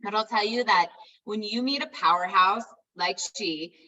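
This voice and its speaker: A woman's voice: medium pitch, moderate pace, pushed and bright, recorded from a distance, lo-fi sound. A woman hosting a team call who introduces her guest with gushing, effusive praise.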